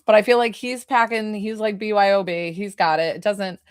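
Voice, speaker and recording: A woman's voice: medium pitch, steady tone, brisk, no echo, studio quality. A woman working as a psychic medium, giving a live reading in a chatty way full of "like" fillers. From New York.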